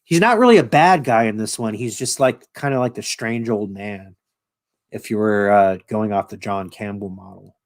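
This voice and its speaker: A man's voice: lowish voice, moderate pace. A man hosting his own channel, casually retelling a show in a rambling, profane way with lots of fillers. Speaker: channel host.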